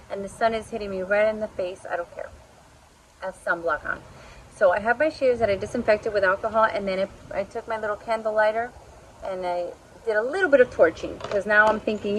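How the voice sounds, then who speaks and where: An orchid vlogger with a mid-range voice chats enthusiastically to her viewers while showing off her hobby project outdoors in the sun and wind. It's a casual, chatty demonstration, and the low-quality recording carries a little hiss or hum.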